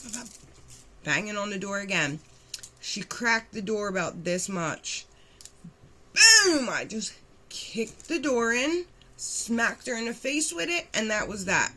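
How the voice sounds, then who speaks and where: Young Philly woman, candid vlog storyteller, bright and punchy, blunt and animated. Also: mid-range voice, slight background noise. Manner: blunt, animated retelling with acted-out quotes and swearing. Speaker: vlogger telling her recovery story.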